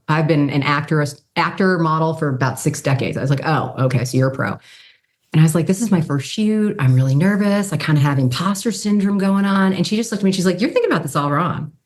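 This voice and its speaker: A woman in her fifties, a guest on an interview podcast, telling stories casually and acting out the people she quotes. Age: 50s. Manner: animated, acts out quoted people with pitch jumps. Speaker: guest, brand strategy consultant and model.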